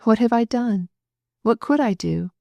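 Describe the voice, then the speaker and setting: A woman's voice: fairly high pitch, expressive, a little slow, vocal fry, warm tone, no echo, pitched above the performer's own voice. A woman voicing a tearful, confiding young noblewoman. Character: young noblewoman, emotional, quick to blush.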